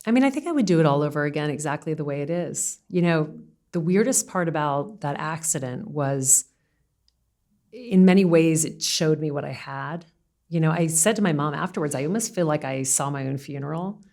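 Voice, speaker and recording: A woman speaks in a low register as a podcast guest. She reflects earnestly in casual conversation and often breaks into laughter. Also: expressive, normal speed, a little mellow.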